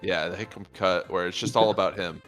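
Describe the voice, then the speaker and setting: Rambling low-voiced man in casual chat. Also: brisk, a bit bright, soft background music. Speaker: co-host. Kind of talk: casual chat on a live stream.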